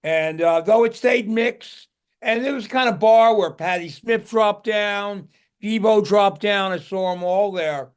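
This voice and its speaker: A man's voice: high-pitched, unhurried, smooth. An older man, a guest musician, tells stories in a casual interview, rambling and restarting his words.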